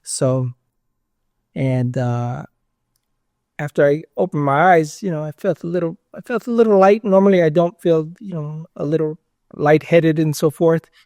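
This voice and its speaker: A man's voice: on the high side, normal speed, a little mellow, dry recording, studio quality. A man being interviewed, telling a story casually in a rambling way, with lots of fillers and acted-out quotes. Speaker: interview guest.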